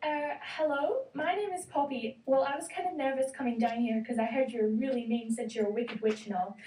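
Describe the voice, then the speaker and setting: A woman's voice: high-pitched, a little fast, warm tone, slight background noise, lightly acted. A woman voicing a polite, curious young girl in a children's story, speaking hesitantly. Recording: roomy, distant.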